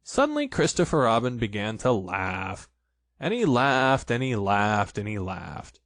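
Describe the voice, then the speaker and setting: A man reading a children's storybook aloud in an expressive, playful way. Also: fairly low pitch, unhurried, no echo, clean studio sound. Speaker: narrator.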